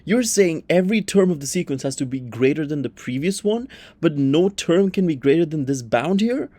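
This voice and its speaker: A man's voice: a little high, animated, moderate pace, no echo. Crude, rowdy young man explaining math. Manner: crude slangy banter, jumps between loud outbursts and mutters.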